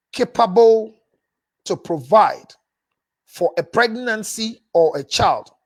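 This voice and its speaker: A man working as a relationship counselor on a live show. He reads viewer messages aloud and answers them in an emphatic, preachy way, repeating phrases for stress and calling listeners "my dear.". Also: sits high.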